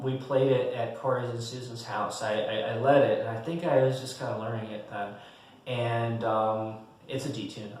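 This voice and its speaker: A man giving a relaxed, casual fiddle lesson, hesitant with many ums and restarts, counting beats aloud as he explains. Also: medium pitch, far from the mic. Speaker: fiddle teacher. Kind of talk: casual one-on-one music lesson. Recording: very echoey room, a bit off mic. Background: fiddle playing between talk.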